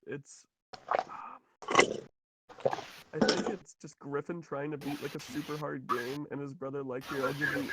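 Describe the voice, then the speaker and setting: A man's voice: a little high, flat delivery, very noisy. A man chatting casually with friends before a tabletop game, joking around and slipping into silly voices. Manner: joking, puts on silly voices in quick bits.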